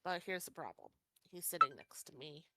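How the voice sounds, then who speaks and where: A woman's voice: deep voice, lively intonation, moderate pace, heavy background noise. A woman co-hosting a podcast, telling a story in casual chat, laughing often and acting out other people's lines. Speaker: podcast co-host.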